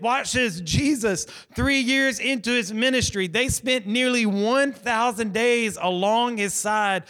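High-voiced preacher with a lilt. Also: male voice. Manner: animated storytelling, acts out quoted voices; conversational, addresses the congregation directly. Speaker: pastor. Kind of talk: sermon.

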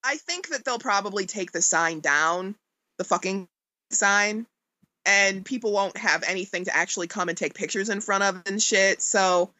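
A woman's voice: mid-range voice, moderate pace, bright, forceful tone, dry recording. A woman in her forties co-hosting a podcast, reacting with laughter and swearing. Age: 40s. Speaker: podcast co-host. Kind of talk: casual podcast chat.

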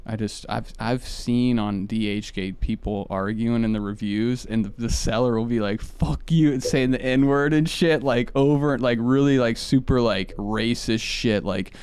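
A man's voice: mid-range voice, normal speed, few pauses, a little mellow, smooth. A man hosting a podcast, telling rambling, profane stories in casual chat. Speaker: podcast host.

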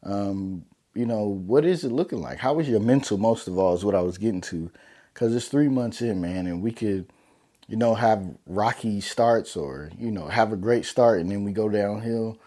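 A man's voice: lowish voice, moderate pace, mellow. A young man talking casually and earnestly to his viewers, loose and slangy, leaning on "man" and "you know.". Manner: loose, heartfelt, slangy, many fillers like "man". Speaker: vlogger. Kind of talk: casual motivational talk to camera.

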